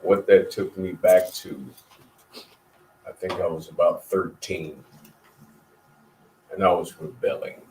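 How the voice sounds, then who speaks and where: Slow, very deep-voiced man. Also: steady tone, darkish tone, recorded from a distance. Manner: measured, reflective. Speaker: participant. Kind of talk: personal storytelling in a group. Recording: roomy, off-mic, faint background noise.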